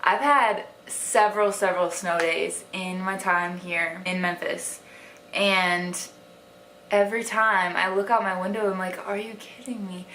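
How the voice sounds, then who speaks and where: A woman's voice: lowish voice, steady tone, a little slow, a bit bright. A young woman from Wisconsin with a light Wisconsin accent, talking casually to camera in a vlog and filling her speech with "like". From Wisconsin, USA. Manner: chatty, heavy use of "like" fillers. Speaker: vlogger. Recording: echoey room with faint hiss.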